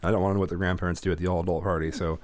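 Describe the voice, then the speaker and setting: A man's voice: sits low, little pitch movement, very fast, darkish tone. A young man co-hosting a casual chat, telling rambling, sweary stories. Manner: rambling storytelling, swears freely. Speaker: podcast co-host.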